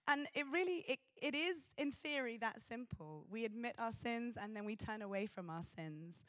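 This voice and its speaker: A woman's voice: fairly high pitch, animated, a bit bright, no echo, studio quality. Earnest woman preaching. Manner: earnest, pausing, with restarts. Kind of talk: sermon.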